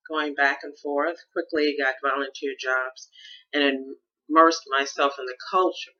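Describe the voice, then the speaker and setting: A woman's voice: low-pitched, bright, forceful tone, muffled recording. A middle-aged woman from Chicago, hosting a reflective personal monologue in a thoughtful, searching way with restarts and stressed words. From Chicago, USA. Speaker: podcast host.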